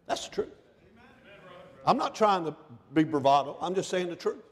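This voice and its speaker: A middle-aged man preaching a sermon in a church, swinging between shouted lines and hushed, almost whispered passages. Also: a little high, expressive, moderate pace. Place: church sanctuary. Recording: long hall reverb.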